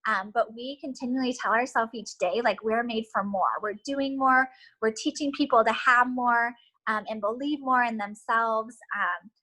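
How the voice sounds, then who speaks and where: A woman's voice: fairly high pitch, normal speed, pushed and bright, low-quality recording. A woman giving an earnest, emotional motivational pep talk to new team members over a video call, with many ums. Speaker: team leader giving a training.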